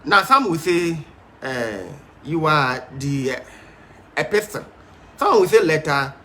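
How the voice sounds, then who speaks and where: Stern, lively-pitched male Bible teacher. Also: slow. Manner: emphatic, stern and repetitive, with many fillers. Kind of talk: Bible study sermon.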